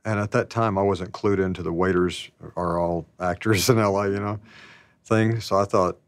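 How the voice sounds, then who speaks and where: A man telling stories about his past in a slow, rambling, casual way, laughing often. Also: low voice, fairly even intonation, dry recording. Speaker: interviewee. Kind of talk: casual storytelling.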